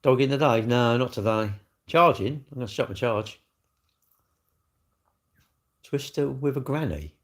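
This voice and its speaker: A man's voice: mid-range voice, expressive, measured pace, pauses often. An older man, hosting a casual livestream and chatting bluntly and jokily as he answers viewers' comments. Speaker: livestream host. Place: indoors, seated.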